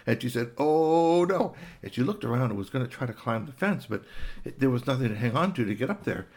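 A man's voice: medium pitch, animated, fast. A man spins a made-up children's story, wandering along with "uh"s and small gasps. His voice sits in a middle register but rises and falls a lot. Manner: rambling, with fillers and gasps.

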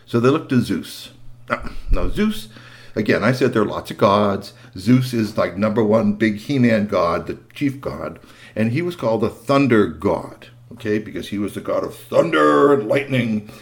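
A man's voice: lowish voice, lively intonation, normal speed, creaky. A man telling a myth to children with chatty asides. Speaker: storyteller. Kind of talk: animated storytelling for children.

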